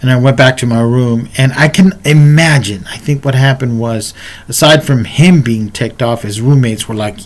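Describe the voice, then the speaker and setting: A man's voice: mid-range voice, moderate pace. Rambling, conversational male storyteller. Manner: rambling and conversational, with asides to the viewer. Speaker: martial arts instructor. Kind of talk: casual storytelling.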